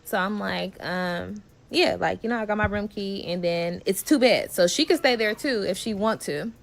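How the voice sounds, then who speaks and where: A woman with a Bay Area accent tells a storytime tale in a loose, animated way. She swears freely, leans on slang and acts out each person's lines as she goes. Her voice sits at a middle pitch for a woman. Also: normal speed, gravelly. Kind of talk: casual storytime vlog.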